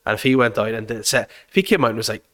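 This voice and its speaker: Brief: man in easygoing podcast banter, jokey and quick to riff. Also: mid-range voice, expressive, fairly bright tone. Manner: jokey, riffs with quick impressions. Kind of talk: casual chat.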